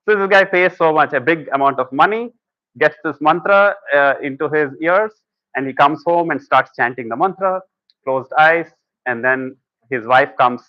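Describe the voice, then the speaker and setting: A man's voice: fairly high pitch, normal speed, no echo, highs cut off. A man giving a conversational spiritual lecture, often telling stories and quoting people. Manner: conversational, storytelling with acted quotes. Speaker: speaker at a talk.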